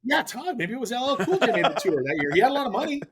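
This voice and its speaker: High-voiced man telling a story. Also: very fast, a loud crowd. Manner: animated, acts out quoted dialogue; rambling with restarts. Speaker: podcast guest, pro angler. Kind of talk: casual storytelling.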